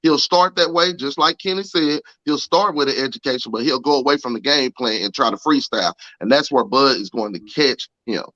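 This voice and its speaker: A man's voice: medium pitch, fairly quick, hardly any pauses, sharp tone, lo-fi sound. A man on a casual online panel, arguing his point emphatically in slangy, profane speech. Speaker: panel guest.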